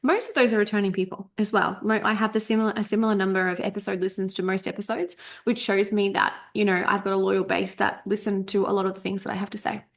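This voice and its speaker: A woman's voice: mid-range voice, fairly even intonation, fast, vocal fry, hardly any pauses. A woman coach in her thirties giving a casual spoken workshop, chatty and emphatic, swearing freely and tripping over her words, a little coughy, recorded on a desk microphone over a video call. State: a bit coughy. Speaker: coach running a podcast workshop. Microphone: desk USB microphone over a Zoom recording.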